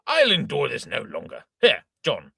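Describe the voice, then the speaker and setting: A man voicing a hot-tempered old gentleman who sputters oaths and exclaims indignantly, in an amateur reading of an old farce. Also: mid-range voice, wildly swooping pitch, normal speed, creaky, husky, dry recording, clean studio sound, heavily acted.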